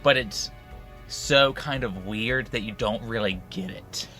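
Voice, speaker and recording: A man's voice: lowish voice, unhurried, sharp tone, faint music behind. A man co-hosting a casual book club podcast, stumbling over starts and laughing often. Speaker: podcast co-host.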